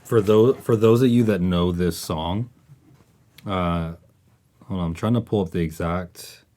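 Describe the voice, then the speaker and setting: A man's voice: low voice, a little slow, mellow. A man co-hosting a casual podcast, talking emphatically and with enthusiasm. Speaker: podcast co-host.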